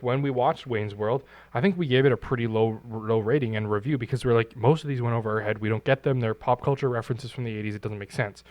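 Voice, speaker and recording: A young man co-hosts a podcast and makes his points earnestly, sometimes arguing them. His mid-pitched voice is recorded dry and close, with no room sound. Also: a little mellow, dry recording. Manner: earnest, mildly argumentative. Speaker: podcast co-host. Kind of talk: casual chat.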